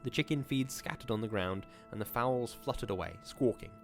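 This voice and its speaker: A man's voice: mid-range voice, soft background music. Man narrating a horror story. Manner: measured, period-formal narration. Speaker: podcast host reading a story. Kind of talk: reading a horror short story aloud.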